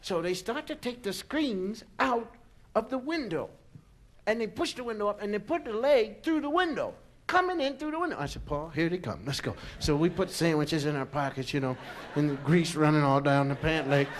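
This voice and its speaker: A man from Philadelphia telling a long comic story on stage, in a chatty, animated way full of "you know" and "man". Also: sits high, normal speed. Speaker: comedian. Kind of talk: stand-up storytelling.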